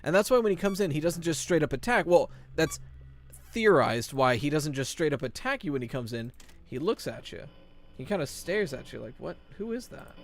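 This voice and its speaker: A young man live-streaming a horror game, chatting with viewers and telling groaner puns in an excitable, joking way. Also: on the high side. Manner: excitable, quick yelps of frustration. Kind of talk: live-stream gameplay chat.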